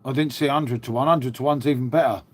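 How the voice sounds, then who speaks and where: A middle-aged livestream host with a medium-pitched, steady voice talks at a quick pace, chatting casually live with his viewers. He answers their comments, calls them "mate," and sprinkles in plenty of "mate" and "um."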